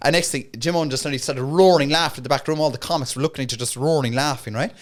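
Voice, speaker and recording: Animated high-voiced Cork man. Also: rapid-fire. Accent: Cork Irish. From Cork, Ireland. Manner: animated, acts out voices in his stories. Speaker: guest comedian. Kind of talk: casual storytelling.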